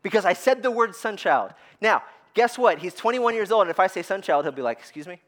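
A man's voice: high-pitched, big pitch swings, fairly quick, fairly bright tone. A middle-aged man preaching a sermon as pastor, telling stories with energy and often repeating words as he starts sentences.

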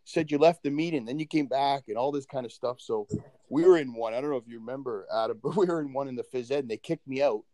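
A man, a teacher, telling a funny story in animated casual chat and quoting people with a raised voice. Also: mid-range voice, fast, no room sound, low-quality recording.

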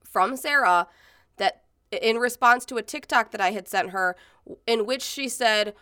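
A woman's voice: fairly high pitch, a little slow, sharp tone, no room sound, studio quality. Casual swearing woman telling stories. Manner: swearing, rambling, many fillers. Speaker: podcast co-host. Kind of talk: casual storytelling chat.

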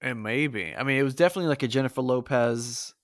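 A man's voice: medium pitch, fast talker, a crowd in the background. A man co-hosting a casual movie podcast, talking loosely and breaking into goofy impressions of actors. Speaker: podcast co-host.

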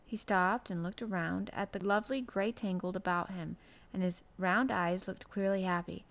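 Woman audiobook narrator, soft, gentle, measured, storybook reading. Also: mid-range voice, fairly even intonation.

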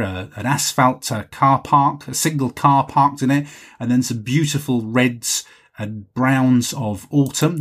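A man hosts his own podcast and chats his way through listener messages. His voice has a husky edge and sits at an ordinary middle pitch. He rambles cheerfully and is quick to poke fun at himself. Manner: rambling, chatty, self-deprecating. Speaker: podcast host. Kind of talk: solo podcast chat reading listener messages.

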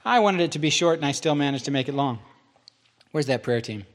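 A male pastor delivering a sermon in a somewhat high voice. He runs through numbered points, repeats key lines for emphasis and drops in joking, self-deprecating asides. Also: animated, a little fast.

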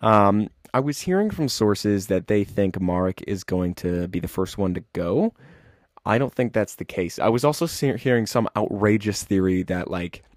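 A low-pitched man talks through an episode breakdown in a loose, unscripted way, full of "um"s and restarts. He sounds like an eager fan and clears a cough every so often. The sound is dry and close, with no room echo. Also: animated, normal speed. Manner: rambling, many fillers and restarts; enthusiastic fan. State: keeps coughing. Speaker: show recap host.

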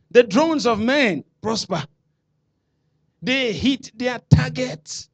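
A man with a Nigerian accent preaching a sermon, calling out to the congregation and building to shouted declarations. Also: high voice. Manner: preaching with call-and-response, rising to shouts. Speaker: pastor.

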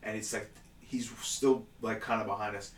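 A man's voice: lowish voice, moderate pace, far from the mic. A man in casual chat, telling a story with lots of swearing and laughter. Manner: animated storyteller, swears often, laughs a lot. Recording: roomy echo, somewhat off-mic, faint room noise.

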